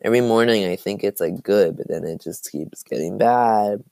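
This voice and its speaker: A man's voice: on the low side, moderate pace, vocal fry, darkish tone, no room sound. A young man hosting a casual solo podcast, rambling and self-deprecating, his throat phlegmy from coughing. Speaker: podcast host.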